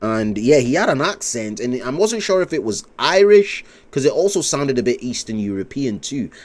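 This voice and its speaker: A man's voice: medium pitch, sing-song, normal speed, darkish tone. A man streaming live, rambling in casual commentary, swearing and laughing often.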